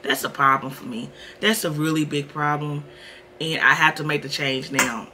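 A woman's voice: low voice, steady tone, normal speed, bright, forceful tone, a little hiss or hum. A woman in her thirties talking candidly to her viewers in a casual home vlog. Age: 30s. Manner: candid, chatty, addresses viewers as y'all. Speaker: vlogger.

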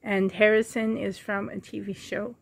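A woman giving a casual show-and-tell vlog at home, speaking gently and fondly with frequent pauses and a slightly hoarse throat. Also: medium pitch, level tone. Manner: gentle, pausing often, fond and chatty. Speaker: doll collector vlogger.

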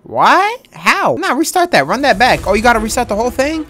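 A woman hosting a gameplay video, loud and excitable, laughing and cursing as she plays. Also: on the high side, brisk. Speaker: gaming video host. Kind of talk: gameplay commentary. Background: game music.

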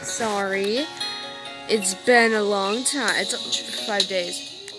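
A woman's voice: mid-range voice, very slow, music in the background. A woman casually commenting on a game she is playing, upset and rambling, with self-deprecating asides. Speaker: let's play gamer.

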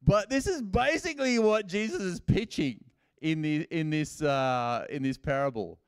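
A male pastor preaches in a relaxed, chatty way at a church service and slips into the voices of the people in his stories. His voice sits a little high and sounds smooth and clear. It is close to the mic, with almost no room echo. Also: moderate pace. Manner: casual and storytelling, acting out quoted lines in everyday speech. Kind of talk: conversational sermon.

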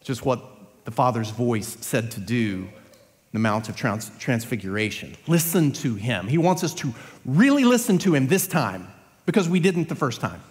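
A man's voice: medium pitch, big pitch swings, moderate pace, a little mellow. A man preaching a Sunday sermon in a church, earnest and building to emphatic peaks. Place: church sanctuary. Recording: long church hall reverb.

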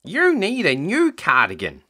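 A man's voice: high-pitched, huge pitch swings, a little slow, pushed and bright, voice pushed up, exaggerated voice. A man reading aloud, voicing a fussy elderly grandmother with a raised, emphatic voice. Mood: scolding. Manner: exasperated, emphatic.

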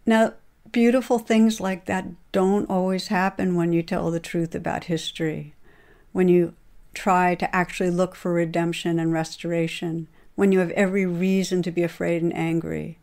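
Earnest woman telling a story, low voice. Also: normal speed. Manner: earnest, steady storytelling with quoted dialogue. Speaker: podcast host. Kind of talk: retelling a story in a talk.

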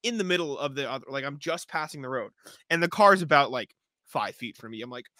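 A man co-hosting a laid-back sports podcast spins lively stories, laughing as he acts out how he reacted. He talks briskly in a mid-range voice with a sharp tone and lively intonation, recorded dry.

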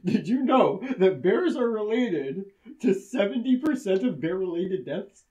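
A man's voice: high voice, sing-song, unhurried, dark tone. A man co-hosting a podcast, chatting casually and crudely about a horror movie, laughing often. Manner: crude, laughs often, does goofy voices. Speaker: podcast co-host. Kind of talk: casual movie-review banter.

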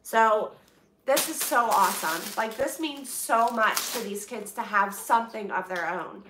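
A woman's voice: fairly high pitch, unhurried. A woman hosting a casual live stream, gushing and emotional as she thanks her viewers. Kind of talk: casual live-stream chat while unboxing donations. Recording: roomy, far from the mic, noisy.

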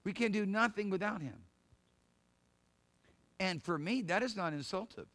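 A middle-aged male pastor giving a sermon in an emphatic, conversational way, with laughs and quick asides. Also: high-pitched, expressive, fairly bright tone, no echo.

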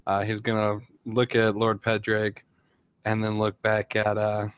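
A man describing his character's actions in a tabletop game in a flat, low-key way. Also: measured pace, clean tone. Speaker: player.

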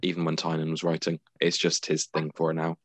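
A man's voice: extremely low pitch, completely flat delivery, brisk, no room sound. A man from the United Kingdom co-hosting a podcast in casual chat, tired and matter-of-fact, teasing his co-host.

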